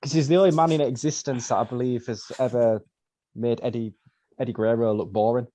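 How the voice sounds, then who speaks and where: A man's voice: medium pitch, steady tone, fast talker, mellow, slight background noise. Man with dry asides. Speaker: podcast co-host. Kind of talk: casual wrestling review chat.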